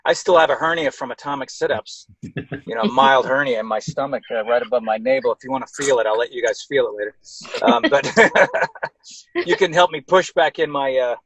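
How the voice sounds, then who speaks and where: A man's voice: mid-range voice, a little fast, a bit bright, husky, rough recording. A man, an actor guest, joking playfully in casual chat. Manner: jokey, giggling.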